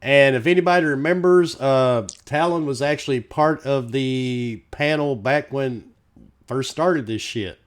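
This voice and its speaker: A man's voice: medium pitch, measured pace. A man hosting a casual gaming talk show who jokes loosely and swears freely. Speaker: podcast host. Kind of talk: casual online show chat.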